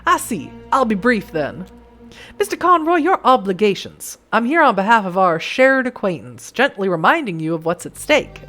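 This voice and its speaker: A hoarse woman doing a smug male stranger with a Western drawl, sly and sinister in a dark game. The voice swings lively up and down, pitched a bit above her own. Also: moderate pace, hardly any pauses, soft background music.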